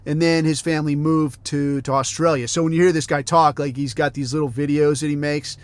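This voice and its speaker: A man's voice: fairly high pitch, steady tone, a little fast, smooth, no room sound. A middle-aged man hosting a podcast, telling rambling stories in a casual, heavily profane rant. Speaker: podcast host.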